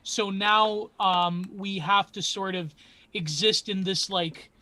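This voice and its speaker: High-voiced man, wordy theorizing. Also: steady tone, slow, bright, forceful tone, dry recording. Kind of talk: casual discussion.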